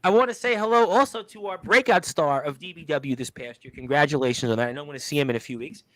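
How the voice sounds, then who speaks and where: A man's voice: fairly high pitch, fast talker, fairly bright tone, no room sound. A man from Brooklyn, hosting a casual radio interview and reading out listener comments in a rambling, filler-heavy way. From Brooklyn, New York. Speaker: radio show host.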